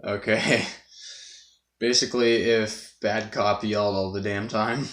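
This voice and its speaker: A man's voice: lowish voice, steady tone, slow pace, a bit bright. A man hosting casually, often laughing at his own voice mixes. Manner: laughing, self-amused. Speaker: host, voice impressionist. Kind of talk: casual chat. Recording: roomy echo.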